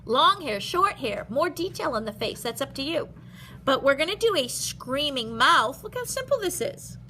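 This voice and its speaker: A woman art teacher leading a step-by-step drawing lesson for young children, animated and expressive, explaining in simple words. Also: high voice, slight background noise.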